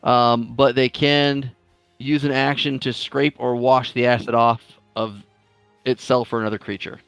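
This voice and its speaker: A man player walks through his character's attack and the rules of a spell, stopping on ums. His voice is smooth and resonant, recorded close and dry. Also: mid-range voice, little pitch movement, unhurried, a bit bright, dry recording, faint music behind. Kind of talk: narrating a tabletop game character.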